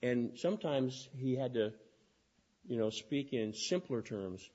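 Husky fast-talking male preacher. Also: medium pitch, animated, dark tone, highs cut off. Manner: fast-talking, with repeated restarts. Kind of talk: sermon.

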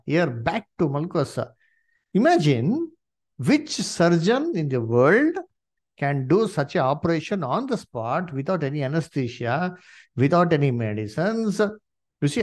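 A man preaching, his voice sitting a little high for a man. His pitch swings widely as he asks the congregation rhetorical questions, with "you see" and "uh" between his phrases. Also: a little mellow. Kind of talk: sermon.

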